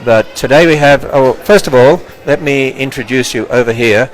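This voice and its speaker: A man's voice: mid-range voice, normal speed, faint music behind, low-quality recording. Australian man, joking host of a live shop walkthrough. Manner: playful, joking, stumbles over names. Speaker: host, ministry president. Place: gift shop under a large exhibit.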